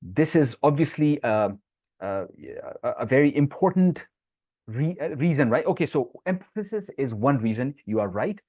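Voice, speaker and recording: A man teaching a live online Quran lesson. He explains each point, answers viewers' comments from the chat, and recites Arabic verses quickly between his English explanations. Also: mid-range voice, very animated, dry recording. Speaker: Islamic teacher. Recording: tinny phone-like dry sound.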